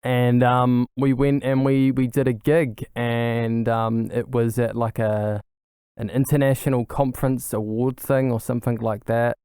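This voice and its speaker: A man's voice: medium pitch, level tone, a little slow, darkish tone, clear, resonant tone, no room sound, studio quality. A young adult man hosting a casual solo podcast, talking in an eager, rambling way with many fillers and restarts. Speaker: podcast host.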